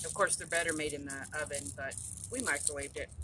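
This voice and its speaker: Sitting in a car, a middle-aged vlogger with a low, fairly quick voice chats casually to her phone camera, telling a rambling story. Road and vehicle noise fill the background of this noisy phone recording.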